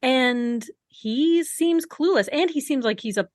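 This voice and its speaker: A woman co-hosting a podcast, giving wry, measured commentary and laughing easily. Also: sits high, animated, darkish tone, no room sound, clean studio sound. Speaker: podcast co-host. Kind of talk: casual podcast chat.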